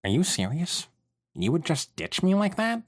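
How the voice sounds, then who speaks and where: A man's voice: a little high, huge pitch swings, normal speed, voice pushed up. A man voicing an incredulous teenage girl heroine in a fan fiction read-aloud, exasperated and questioning.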